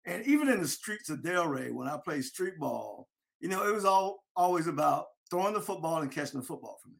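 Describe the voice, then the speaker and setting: A man telling a lively story about his youth football days, acting out his old coach. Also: on the high side, a little fast, creaky. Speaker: former football player. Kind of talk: storytelling interview.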